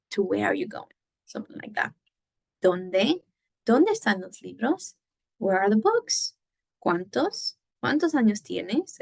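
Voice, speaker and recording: A woman's mid-range voice with vocal fry comes through on a dry recording of a Spanish lesson. She explains in English and Spanish, keeps checking in with "right?", and often uses fillers and restarts herself.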